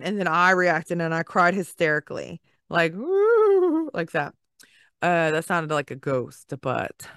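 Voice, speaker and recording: Bright, gushing woman podcast host. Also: lowish voice, clean tone, no echo, clean studio sound. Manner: gushing, upbeat, encouraging, chatty with many fillers. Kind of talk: casual podcast monologue.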